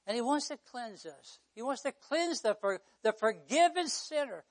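A man preaching a sermon, swinging from near-shouts down to a hush. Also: very high voice, big pitch swings, normal speed, few pauses. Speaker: pastor.

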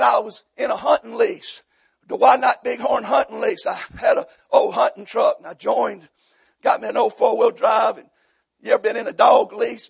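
A man preaching a sermon, telling folksy humorous stories and acting out voices, rising to loud shouts. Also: very high-pitched. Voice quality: gravelly, husky. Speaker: pastor.

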